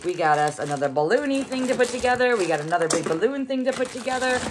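A woman's voice: fairly high pitch, expressive, quick pace, background noise. A middle-aged woman hosting a casual unboxing vlog, chatty and exclaiming as she thinks aloud. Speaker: host.

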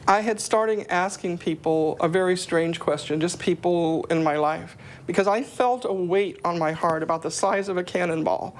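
A middle-aged woman giving an earnest personal testimony of faith, her voice climbing high whenever she quotes her own prayers. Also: measured pace, slight background noise.

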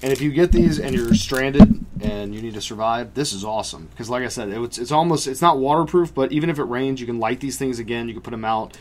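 A man's voice: medium pitch, expressive, quick pace, few pauses, a little mellow, slight background noise. Man guessing aloud, casual and hesitant. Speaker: video co-host. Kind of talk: casual chat. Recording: faint room ambience.

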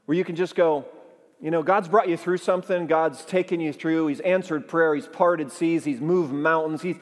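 A male pastor delivering a sermon in a lively, conversational style, often prompting the congregation to answer back. His voice sits high for a man. A long reverb tail hangs in the church around him. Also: moderate pace. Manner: animated, conversational preaching with audience call-and-response. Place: church sanctuary.

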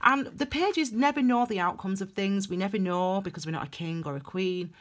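A woman in her younger adult years talks straight to her viewers through a tarot reading. Her voice sits at a middle pitch but leaps up and drops low as she drives her points home, doubling back on phrases for emphasis. It is casual, lively and earnest. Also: fairly quick. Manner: animated, emphatic, repeats phrases for stress, big swings in pitch and loudness. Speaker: tarot reader.

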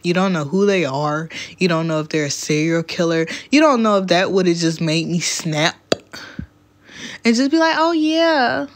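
A woman's voice: lowish voice, expressive, moderate pace. A young woman vlogger telling a dating story to camera in casual chat, blunt and profane, laughing often.

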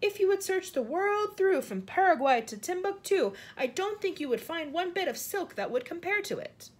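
Reading a children's book aloud, a woman voices a young boy proudly presenting his friends in rhythmic, sing-song verse, with a showman's mood. Her voice is pushed up very high, very animated, at normal speed.

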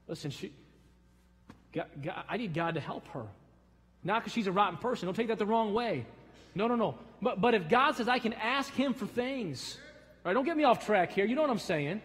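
Middle-aged male pastor, fervent sermon delivery with loud surges and hushed drops, high voice, church hall reverb. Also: lively intonation, normal speed. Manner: preaching with sudden loud rises and soft drops. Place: church sanctuary.

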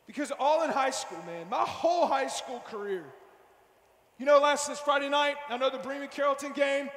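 A man giving a fervent, loud youth sermon, slangy and direct with his listeners. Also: very high-pitched, moderate pace. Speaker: youth speaker. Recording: echoey hall with long reverb.

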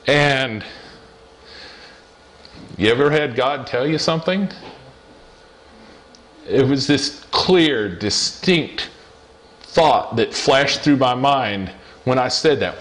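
A middle-aged man gives an earnest personal testimony sermon as a lay preacher, repeating phrases and slowing down for emphasis. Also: mid-range voice, animated, a bit bright.

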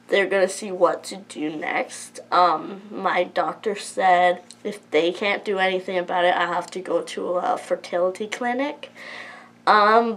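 A woman's voice: medium pitch, rough recording. A woman of twenty, emotional and close to tears, talking hesitantly and apologetically at home in a personal confessional vlog. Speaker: vlogger.

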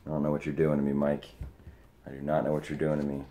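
A man opening sports card mail on camera, chatting excitedly to the friend who sent it. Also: a bass voice, fast talker, noisy background. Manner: excited, talks to the sender directly. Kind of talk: casual unboxing vlog.

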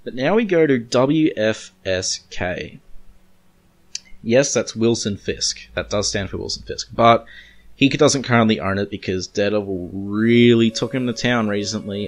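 A man's voice: lowish voice, a little slow. An Australian-accented man hosting a podcast, recapping a comic book in a rambling way with joking asides. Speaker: podcast host.

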